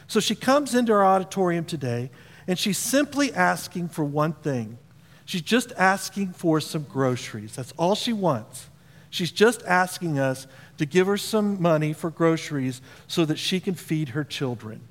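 A man's voice: on the high side, sing-song, a little slow, long reverb tail. A man preaching a sermon as pastor, talking conversationally and asking the congregation questions. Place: church auditorium.

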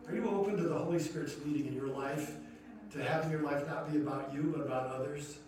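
A man's voice: fairly high pitch, fast. A man, a pastor, preaching a sermon in an earnest storytelling manner that rises to emphatic questions. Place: church sanctuary. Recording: echoey hall from far off, noisy.

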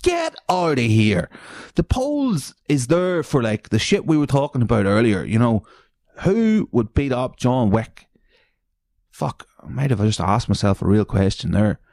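A man hosting a solo podcast, reading online posts aloud and mocking them with heavy swearing, frequent laughs and sudden high silly voices. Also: sing-song, a little slow, a little mellow, dry recording, clean studio sound. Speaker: podcast host.

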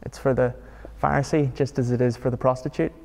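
Gravelly-voiced man preaching a sermon. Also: mid-range voice, steady tone, brisk, darkish tone, big-room sound. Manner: conversational, emphatic preaching with rhetorical questions. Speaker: pastor.

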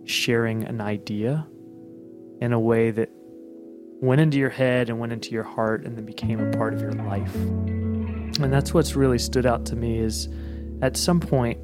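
A measured, earnest man speaks reflectively at a mid pitch. Loud plucked guitar music plays underneath his voice the whole time. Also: steady tone. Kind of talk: reflective conversation.

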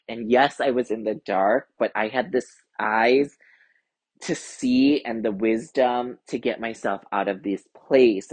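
A woman's voice: extremely low pitch, slightly rough. An American woman hosting a spiritual podcast, telling a personal story in a chatty way with lots of "like" fillers. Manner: chatty, many "like" fillers, animated retelling. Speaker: podcast host and intuitive card reader. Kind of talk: casual storytelling monologue.

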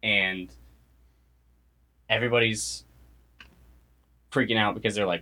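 A man's voice: fairly low pitch, bright, forceful tone. A young man casually retelling a made-up movie plot, rambling and laughing often. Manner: rambling, laughs often, quick quoted asides.

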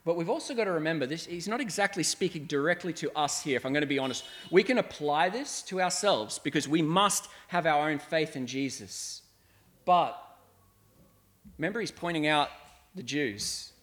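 A man, a pastor from Australia, delivers a sermon in an earnest, conversational tone. His voice sits fairly high, and he slips into little acted-out quotes to make his points. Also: expressive, moderate pace, fairly bright tone.

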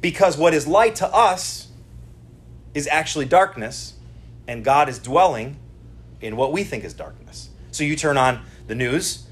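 Here a middle-aged pastor preaches at a church service in a chatty, conversational way, repeatedly checking in with the congregation. His mid-range voice is animated and slightly breathy, moving at normal speed.

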